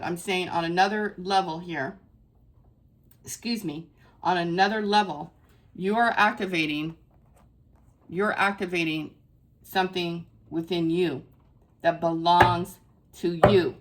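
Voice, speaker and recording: A woman's voice: lowish voice, measured pace, long pauses. A woman giving a casual spiritual tarot reading to her viewers, effusive and emphatic, repeating phrases for stress. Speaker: tarot reader.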